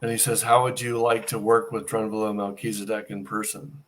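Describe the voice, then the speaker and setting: A man's voice: lowish voice, little pitch movement, a little fast, a little hiss or hum. A middle-aged man telling a personal story as an interview guest, acting out the dialogue he quotes.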